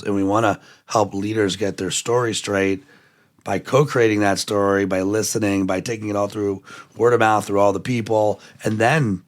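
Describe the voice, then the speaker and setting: Low-voiced man, rambling podcast host. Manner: animated, rambling, acts out quoted voices. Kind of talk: conversational interview.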